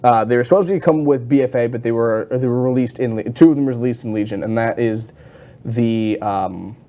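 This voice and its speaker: A man of middle pitch co-hosts a gaming talk show and rambles excitedly through his points. He restarts sentences often and leans on fillers as he goes. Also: fairly quick. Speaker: podcast co-host. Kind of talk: casual gaming chat.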